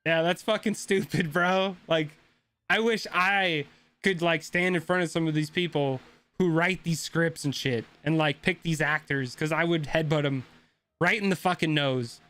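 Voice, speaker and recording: Bright, high-voiced ranting male streamer. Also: normal speed. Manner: profane, ranting, talks to chat. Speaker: gaming streamer. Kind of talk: casual chat.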